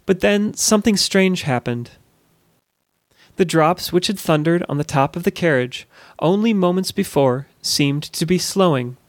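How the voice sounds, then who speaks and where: Guy reading a fantasy story, kinda high voice, super dry close mic. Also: no echo. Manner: measured, storytelling delivery. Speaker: narrator. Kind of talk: scripted fantasy audiobook narration.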